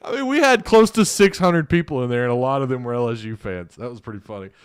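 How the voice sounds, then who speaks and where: A man's voice: mid-range voice, lively intonation, fast, clean tone, no echo, clean studio sound. A man hosting a casual sports live stream, reading out viewer comments, joking and laughing as he talks. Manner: laughing, joking, thinking aloud.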